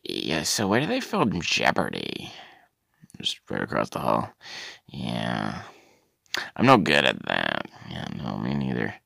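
A man's voice: a bass voice, huge pitch swings, slow, vocal fry, sharp tone, dry recording, studio quality, pitched below the performer's own voice, full character voice. Man playing flustered crude woman contestant. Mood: rambling. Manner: rambling, flustered, crude jokes. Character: nervous, crude adult woman game show contestant. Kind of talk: comedic sketch character voice.

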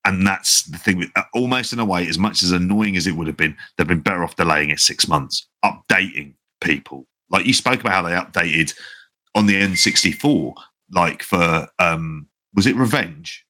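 A man's voice: low voice, moderate pace, pushed and bright. A man co-hosting a casual podcast chat, blunt and exasperated, with salty language. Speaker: podcast co-host.

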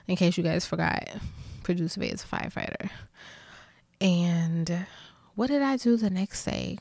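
A woman's voice: mid-range voice, darkish tone, dry recording. A woman hosting a podcast in casual chat, playful and chatty, laughing often and dropping into whispered asides. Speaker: podcast host.

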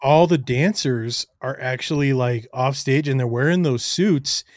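A man's voice: mid-range voice, measured pace, no echo. Rambling man with a dry sound. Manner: rambling, full of fillers and "right?". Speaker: podcast guest. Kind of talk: casual chat.

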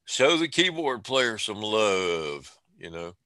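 Man, host, casual chat, rambling, filler-heavy, bright tone, dry close sound. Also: fairly low pitch, very animated, slow pace, dry recording. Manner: rambling, with many fillers and restarts. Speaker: podcast host.

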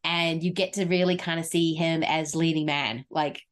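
A woman with a fairly low voice hosts a casual film podcast. She talks with eager enthusiasm, laughs often and throws herself into acting out movie lines. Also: steady tone, moderate pace. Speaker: podcast host.

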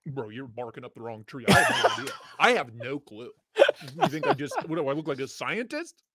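A man chatting as a podcast guest, loud and joking with playful banter. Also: medium pitch, big pitch swings, fairly quick, crowd noise. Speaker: guest, knife content creator. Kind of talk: casual podcast chat.

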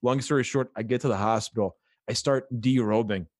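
A man's voice: mid-range voice, fairly quick, darkish tone, no room sound, studio quality. A young man in his twenties telling a story in casual chat, swearing freely, laughing mid-story and acting out what people said.

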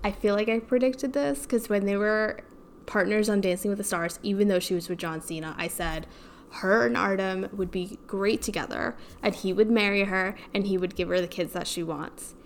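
A woman's voice: medium pitch, fairly even intonation, normal speed, slight background noise. A woman co-hosting a podcast, talking casually with lots of "like" and "um". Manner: chatty, many "like" fillers. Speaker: podcast co-host. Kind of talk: casual chat.

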